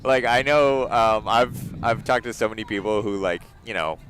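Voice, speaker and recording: A man's voice: lowish voice, normal speed, a bit bright, a little hiss or hum. A young man giving casual commentary at an outdoor track meet, chatty and full of filler words. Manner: chatty, filler-heavy with frequent laughs.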